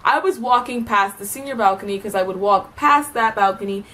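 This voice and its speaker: A woman's voice: medium pitch, fairly quick, bright, forceful tone. A young woman telling stories from school in a casual vlog, chatty and giggly, with lots of "like" fillers. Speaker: vlogger.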